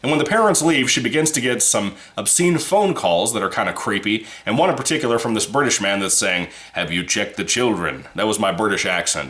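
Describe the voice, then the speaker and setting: A man's voice: on the low side, fairly bright tone. A man giving a casual, rambling movie review, swearing freely and laughing between points. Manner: rambling, profane, laughs often.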